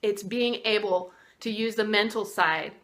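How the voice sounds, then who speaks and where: Bright-voiced woman telling a story. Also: mid-range voice, steady tone, a little slow. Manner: conversational, with fillers and restarts while telling a story. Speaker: martial arts teacher and blogger. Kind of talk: casual motivational talk with storytelling.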